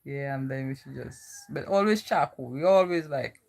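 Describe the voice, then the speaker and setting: With a bass voice that's gravelly and slightly mellow, a young Virgin Islands woman speaks at a moderate pace. The vlogger's casual chat rambles in her Virgin Islands accent, peppered with "you know".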